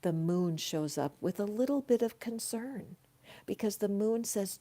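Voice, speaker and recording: An older woman hosting a live tarot reading from her home, talking slowly and softly and often sinking into a whisper. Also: mid-range voice, animated. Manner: soft, slow, dropping often into whispers. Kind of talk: live tarot reading, casual spiritual talk. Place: her home, with her dog nearby. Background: a dog barking at times.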